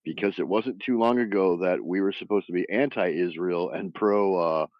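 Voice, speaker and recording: A man's voice: low voice, normal speed, dry recording, lo-fi sound. A man hosting a casual chat, telling stories with mocking impressions and frequent laughter. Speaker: stream host.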